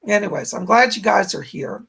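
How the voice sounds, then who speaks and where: A man hosting a psychic live stream with a hoarse voice that keeps going out, chatting to viewers and leading a guided meditation. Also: high voice, pushed and bright. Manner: speaks straight to viewers, frequent throat clearing. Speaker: psychic medium host.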